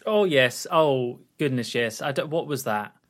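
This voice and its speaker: A man's voice: medium pitch, animated, measured pace. A man co-hosting a podcast, reacting to a film recap with chatty, amused asides. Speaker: podcast co-host. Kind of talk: casual film chat.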